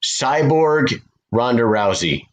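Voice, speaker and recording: A man hosting a podcast, chatting casually and telling a profane, animated story. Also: mid-range voice, slow, low-quality recording. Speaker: podcast host.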